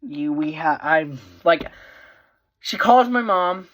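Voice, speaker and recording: A man's voice: on the high side, slow pace. Rambling teenage boy telling a story. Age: teens. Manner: rambling, with many fillers and restarts; animated, voice rising when excited. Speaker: vlogger. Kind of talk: casual storytelling.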